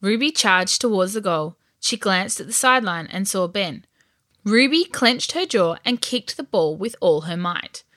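Bright, lively woman storyteller. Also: mid-range voice, measured pace, no room sound, clean studio sound. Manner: lively, expressive. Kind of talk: scripted storybook narration.

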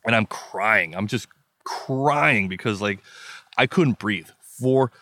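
A man from the American Midwest recounts a story as an interview guest, vivid and emphatic, voicing his own thoughts aloud. His voice sits fairly low. The sound is dry and close. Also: slow pace, bright, forceful tone, no echo. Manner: vivid, emphatic retelling with acted-out inner quotes. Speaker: guest telling a hiking story.

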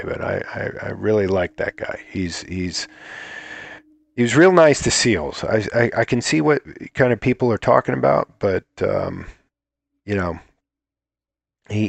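A man's voice: on the low side, creaky, no echo. A man telling a rambling, profane story in a casual chat, acting out what others said. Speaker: guest.

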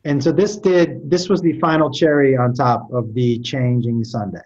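A man talks his way through a personal story in a loose, animated manner, stumbling and restarting as he goes. His voice sits at an ordinary pitch. The recording sounds dull and lo-fi. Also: moderate pace. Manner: animated, trailing restarts and stammers. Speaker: podcast guest. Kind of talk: storytelling in casual chat.

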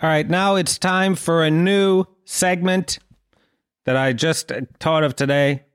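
Animated sweary Irish podcast man. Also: a little high, slow, clear, resonant tone. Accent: Irish, Dublin. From Ireland. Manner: animated, swearing, mock-indignant. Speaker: podcast host. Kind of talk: casual solo podcast rant.

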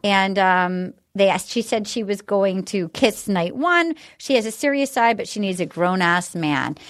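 A woman hosts a casual podcast chat, recapping episodes in a medium-pitched voice with lively intonation and a slightly slow pace. She's chatty and giggly, using lots of fillers.

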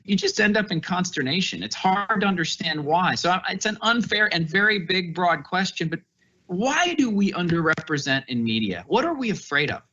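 A man's voice: high voice, very animated, normal speed, sharp tone, lo-fi sound. A man interviewing a guest and asking broad, thoughtful questions.

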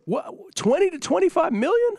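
A man's voice: very high-pitched, sing-song, normal speed, darkish tone, no echo, studio quality. A man reading a scripted betting promotion in an upbeat announcer manner. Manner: smooth, upbeat promotional delivery. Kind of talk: scripted ad read.

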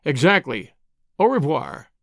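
A gruff, suspicious middle-aged man barks and snarls each line with lively swings in pitch. A man reads him aloud in a storybook. The sound is dry and close, with no room around it. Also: measured pace, no echo, exaggerated voice. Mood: curt. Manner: snarling, barking.

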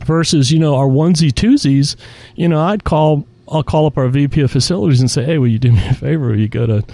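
Male guest, restaurant executive, warm low-key tone, lively storyteller who voices the people in his anecdotes. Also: fast talker, gravelly, no echo. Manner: animated storyteller acting out quoted dialogue. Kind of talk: casual interview storytelling.

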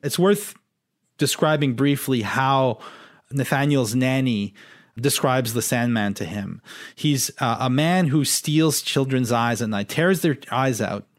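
A man reading a story passage aloud and discussing it in a measured way. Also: mid-range voice, dry recording, clean studio sound.

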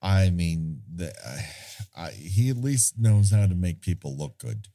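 A man with a lowish voice talks through a movie in a slow, unhurried way. He rambles and corrects himself, pokes fun at himself and laughs easily, like a podcast co-host chatting with a friend. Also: big pitch swings, creaky, warm tone. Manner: rambling, self-deprecating, laughs often. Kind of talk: casual film discussion.

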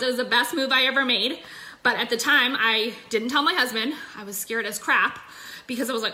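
Bright, upbeat young woman coaching. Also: a little high, brisk. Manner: chatty, lots of fillers, upbeat. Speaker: sales coach. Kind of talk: casual livestream coaching talk. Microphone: phone.

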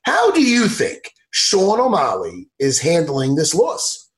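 A man hosting a podcast in casual chat, excitable and animated, laughing often and acting out what others said. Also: fairly high pitch, slow. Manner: animated, excitable, laughs a lot, acts out impressions loudly. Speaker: podcast host.

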